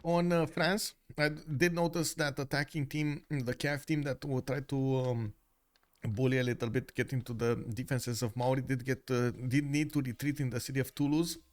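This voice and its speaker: A man's voice: mid-range voice, steady tone, normal speed. A man giving live commentary on a strategy video game match, talking through the action with frequent hesitations and filler sounds, recorded close on a streaming mic at home.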